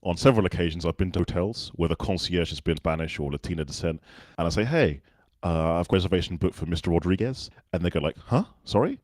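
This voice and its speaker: A man's voice: low voice, fast talker, dry recording. A man from the UK with a well-spoken Southern English accent, telling stories as a guest in a casual interview. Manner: relaxed anecdotal storytelling.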